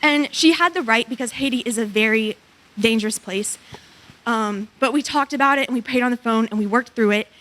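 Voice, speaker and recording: A woman in her twenties giving a church testimony about a mission trip, telling her story in an animated way and acting out what people said. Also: fairly high pitch, brisk.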